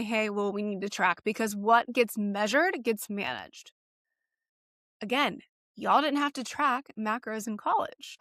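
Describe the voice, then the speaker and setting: Woman fitness coach in her thirties, higher voice, blunt and sassy with casual swearing; close, dry sound. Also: fairly bright tone, no room sound. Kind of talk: direct-to-camera coaching talk.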